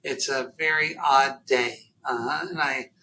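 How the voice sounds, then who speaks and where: A man telling a deeply personal story as a podcast guest, halting and emotional, near tears, with many fillers and restarts. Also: fairly even intonation, sharp tone, a little hiss or hum, low-quality recording.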